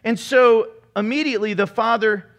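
A male pastor preaching a sermon in an animated way, acting out voices and mocking impressions. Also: very high-pitched, moderate pace, dull audio.

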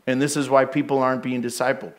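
A man's voice: mid-range voice, flat delivery, fast talker. A middle-aged male pastor preaching a sermon, telling candid, self-deprecating stories with bursts of laughter.

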